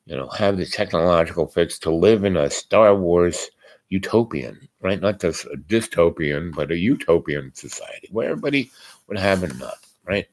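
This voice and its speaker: Low-voiced rambling man, many fillers. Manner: meandering, many fillers and asides. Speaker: podcast host. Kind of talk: rambling casual monologue.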